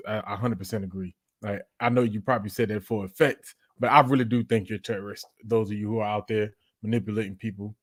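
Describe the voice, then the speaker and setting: A man's voice: mid-range voice, darkish tone. A man in his thirties in a casual group discussion, earnest and reflective.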